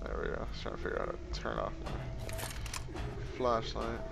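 A man's voice: mid-range voice, brisk, vocal fry, over loud music. A man giving casual let's-play commentary, swearing and crying out when startled. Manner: lively, swearing, startled outbursts. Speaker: gameplay commentator.

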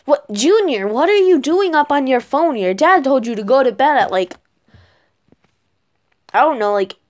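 A woman's voice: high-pitched, animated, normal speed. A woman doing a nagging wizard caretaker. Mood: scolding. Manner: scolding, nagging. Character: scolding male wizard caretaker.

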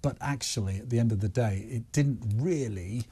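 Male phone-in host, British English, husky mid-range voice, candid and conversational. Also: mid-range voice, moderate pace, mellow. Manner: conversational, candid, self-correcting. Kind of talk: casual talk-radio chat with callers.

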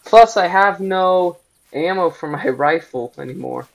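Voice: medium pitch, measured pace, gravelly, low-quality recording. A young gamer giving casual gameplay commentary, giggling often and rambling with many fillers. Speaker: gaming video co-host.

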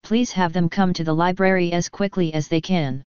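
A woman voicing a refined, commanding female unicorn pony who gives brisk orders. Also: fairly low pitch, fairly even intonation, darkish tone, clear, resonant tone, dry recording, lightly acted. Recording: dull lo-fi recording.

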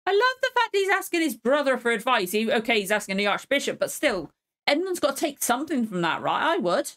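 A woman's voice: a little high, sing-song, quick pace, fairly bright tone. A woman hosting a reaction video, chatting casually and exclaiming as she watches.

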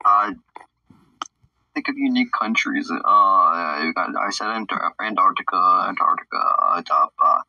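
A man's voice: low voice, a little slow, creaky, no echo, far from the mic, lo-fi sound. A man playing a student in a casual role-play, who talks hesitantly and fills gaps with "uh". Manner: hesitant, with many "uh" fillers. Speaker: player acting as a student.

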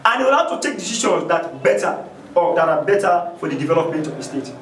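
A man giving a university lecture, emphatic and repetitive, swinging from loud stressed points down to low asides. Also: very animated, fast, roomy sound, distant mic, rough recording.

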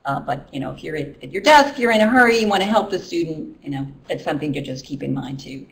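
A middle-aged woman, an ESL teacher, runs a training workshop in a loose, conversational way, full of ums and restarts. Her voice is low, expressive and creaky, and she talks fast. She's picked up from a distance in the workshop room.

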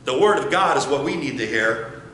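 A man's voice: medium pitch, animated, a little fast, bright, forceful tone, a little hiss or hum. A male pastor preaching a sermon emphatically, firing rhetorical questions and repeating phrases for effect. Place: church sanctuary. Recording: very echoey church.

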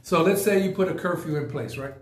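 Animated man talking in an echoey room. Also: on the high side, fast. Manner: animated, emphatic, repeats points for effect. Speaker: podcast host. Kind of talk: casual live podcast talk.

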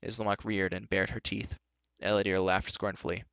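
A man reads a story aloud with a low, gravelly voice in a steady, even manner. The sound is dry and close with a dull, lo-fi quality. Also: normal speed, no room sound. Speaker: narrator. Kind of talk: live storybook reading.

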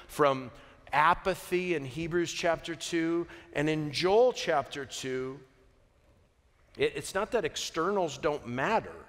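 A man preaching a sermon, earnest and unhurried, moving from quiet reflection to emphatic peaks with joking asides. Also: on the high side. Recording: long hall reverb.

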